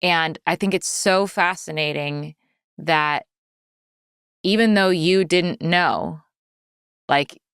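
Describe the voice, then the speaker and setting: A woman hosting a podcast interview, reflecting on her guest's story in a measured, thinking-aloud way. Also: sits low, a bit bright, clean tone, no echo, studio quality. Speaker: podcast host. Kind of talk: interview talk.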